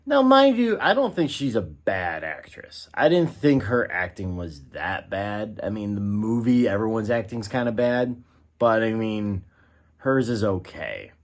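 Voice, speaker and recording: A man's voice: lowish voice, expressive, measured pace. A man giving a casual spoken film review, ranting in exasperation and often restarting and using fillers. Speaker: movie reviewer.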